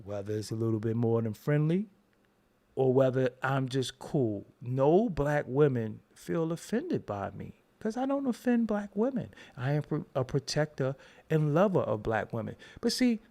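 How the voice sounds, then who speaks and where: A man's voice: mid-range voice, sing-song, normal speed, gravelly, warm tone. A middle-aged man from Brooklyn, ranting on a livestream. He is confrontational, profane and mocking, and he laughs between jabs. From Brooklyn, New York. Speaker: livestreamer answering chat. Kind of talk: heated livestream rant.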